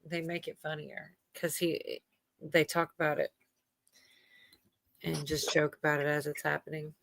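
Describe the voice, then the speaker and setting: A woman host chatting casually on a late-night livestream, wandering from point to point with lots of ums and likes and frequent laughter. Her voice sits a bit low and the sound is close and dry. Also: flat delivery, a little slow, creaky, no echo. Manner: rambling, laughs often, many fillers. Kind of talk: casual chat.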